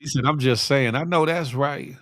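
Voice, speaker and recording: A middle-aged man hosts a morning livestream, reading viewer comments aloud with casual, slangy banter and frequent laughter. His voice sits at medium pitch with a fairly bright tone and moderate pace. The recording is dry and studio quality.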